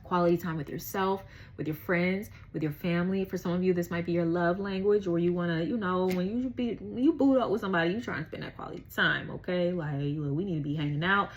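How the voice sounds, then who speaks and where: A woman chats through a tarot reading in a slightly low voice, loose, slangy and freely profane. Faint ambient noise sits under her home recording. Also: quick pace, low-quality recording. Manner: chatty, slangy and profane, laughs often. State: out of breath. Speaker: tarot reader.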